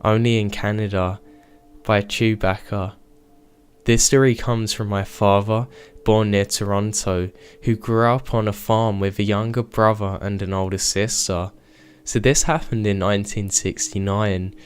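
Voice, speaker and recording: Guy with a lowish voice reading creepy stories, steady scripted narration. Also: measured pace, soft background music. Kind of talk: scripted horror story narration.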